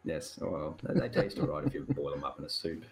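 A man's voice: very deep voice, big pitch swings, brisk, creaky, slightly rough, faint music behind. A man, casually chatting as a podcast co-host and telling rambling, joking stories. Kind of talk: casual chat.

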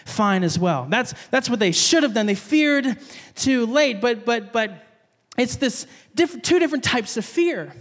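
Man, pastor, sermon, high voice, long hall reverb, animated storytelling. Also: a little slow.

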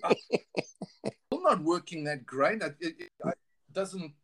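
Speaking slightly slowly but very animated, a middle-aged man with a high-leaning, bit-bright voice shares his story as a guest. The interview is casual, and he comes across as frank and earnest, restarting his sentences many times.

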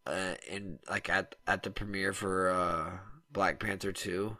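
A man's voice: sits low, steady tone, measured pace, a crowd in the background. A man in casual podcast chat, laid-back and trailing off with fillers.

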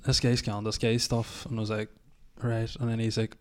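A young man in casual chat, relaxed and sweary. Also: lowish voice, normal speed.

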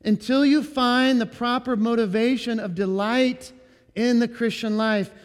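A male pastor preaching an earnest sermon, slowing down and leaning into key words. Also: extremely high pitch, long reverb tail.

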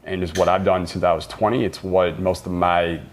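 Male podcast host and business mentor, lower voice, blunt and profane, casual. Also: level tone, moderate pace, slight background noise. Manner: blunt, swears freely, emphatic.

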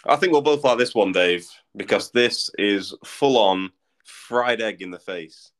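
Man, lowish voice, teasing, relaxed football chat. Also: measured pace. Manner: teasing, laid-back storytelling. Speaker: podcast co-host.

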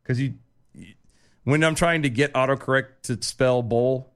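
A man's voice: medium pitch, moderate pace, a bit bright. A man co-hosting a podcast, chatting casually with wry, dry teasing. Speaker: podcast co-host. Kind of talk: casual chat.

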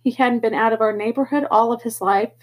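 Breathy woman reading a novel aloud. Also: on the high side, brisk. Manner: plain, steady reading with small slips. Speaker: audiobook reader. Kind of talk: first-person novel narration.

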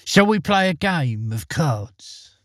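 A man voicing a pair of sly, evil black cats in a storybook, slow and drawn out. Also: a little high, very animated, dry recording, studio quality, voice pushed up.

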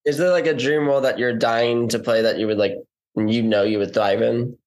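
A man's voice: medium pitch, fairly even intonation, brisk, a little mellow. A man hosting a casual interview, asking questions in a loose, rambling way full of fillers. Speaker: interviewer, host.

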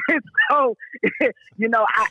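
A young woman from Memphis, a counselor telling her story in casual, animated talk. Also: a little high, breathy edge, no echo. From Memphis, USA. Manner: animated, laughs often, fast bursts. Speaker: guest, counselor and therapist. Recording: dull lo-fi sound.

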